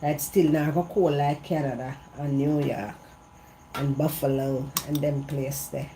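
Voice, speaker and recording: In a deep, mellow voice with a steady tone, the Jamaican vlogger talks at a measured pace, retelling gossip in patois and repeating things for emphasis. The setting is outdoors with an evening breeze, plus slight background noise.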